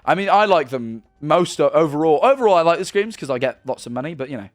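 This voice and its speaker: A man's voice: on the high side, lively intonation, quick pace, dry recording. A man in his twenties streaming from home, casually chatting and reading viewer messages in a rambling, stumbling way.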